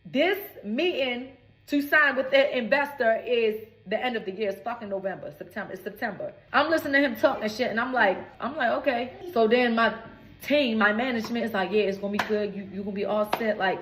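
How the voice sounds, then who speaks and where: A woman's voice: a little high, fairly quick, a bit bright, roomy sound, a little hiss or hum. A woman in her twenties, a recording artist, telling a storytime rant in an indignant, profane, emphatic way.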